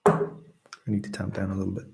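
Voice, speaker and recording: A man in his thirties from Scotland, with a softened Scottish accent, hosting a soft-spoken ASMR live stream chat and reading out viewers' comments in an earnest, grateful way. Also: low-pitched, completely flat delivery, normal speed, creaky, faint music behind.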